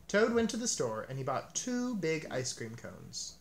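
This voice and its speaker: A man reading a children's storybook aloud as narrator, with a gentle, expressive manner. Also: fairly high pitch, measured pace, creaky. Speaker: storybook reader.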